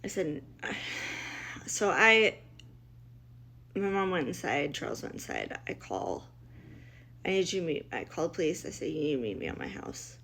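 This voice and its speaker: A woman's voice: deep voice, sing-song, measured pace, vocal fry, pauses often, fairly bright tone, slightly rough. A middle-aged woman, a mother, telling her family's story in a blunt, emotional way, acting out the dialogue as she goes. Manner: emotional, blunt, quotes others in dialogue, many restarts. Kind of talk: personal storytelling.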